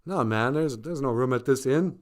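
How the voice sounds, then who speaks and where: A man playing a blunt, gruff innkeeper. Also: mid-range voice, moderate pace, voice pushed up, natural voice. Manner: blunt, incredulous. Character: gruff middle-aged male innkeeper, blunt.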